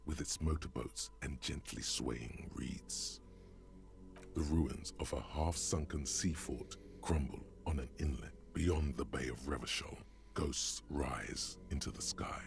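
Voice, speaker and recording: An actor voicing a brooding male narrator in a video game, speaking in a deep, gravelly voice. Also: slow, soft background music, exaggerated voice.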